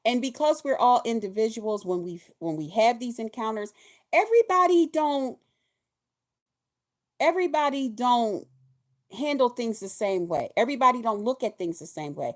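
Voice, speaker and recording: A woman's voice: on the high side, lively intonation, fairly quick, few pauses. A woman hosting a weekly livestream, chatting casually and folksily with her viewers, greeting and thanking them directly. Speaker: host of a weekly live show.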